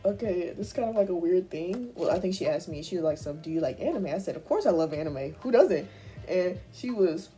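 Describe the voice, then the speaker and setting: A young woman talks through a casual life-update vlog, chatty and animated, jumping into squeaky high voices when she replays conversations. Her own voice sits low and mellow, and faint music plays underneath. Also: brisk. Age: young adult. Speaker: vlogger.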